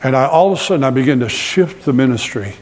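A man in the pulpit preaching to a live congregation, his voice at a middle pitch. He tells stories with a joking, self-deprecating touch and keeps throwing questions to the crowd. The recording carries a long reverb tail from a large hall. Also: animated, quick pace, darkish tone. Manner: humorous storytelling with audience questions. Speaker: pastor. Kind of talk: sermon.

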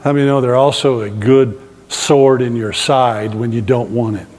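A man's voice: mid-range voice, fairly even intonation, normal speed, very noisy. Man preaching in a reverberant hall. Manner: humorous storytelling with audience questions. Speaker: pastor. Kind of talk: sermon. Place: church hall with live congregation.

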